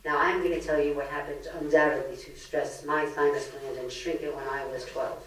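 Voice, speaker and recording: A woman's voice: deep voice, brisk. An older woman from Brooklyn, giving a comedic lecture full of jokes and stories. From Brooklyn, New York. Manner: joke-telling, lively storyteller. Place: library meeting room. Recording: echoey room, distant mic.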